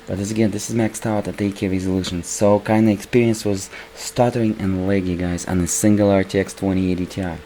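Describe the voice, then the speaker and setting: A man with a voice worn hoarse from recording, casually commenting over his gameplay as a PC gaming channel host and calling his viewers "guys". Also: sits low, level tone, a little fast, few pauses, mellow, slight background noise, rough recording. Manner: keeps calling the viewers "guys", rambling with restarts.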